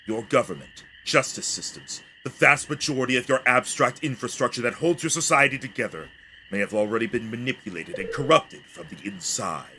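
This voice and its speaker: A man voicing a stern male spirit guardian in a video game, speaking in a measured, solemn way. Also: mid-range voice, pitched below the performer's own voice, low-quality recording. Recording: steady background noise.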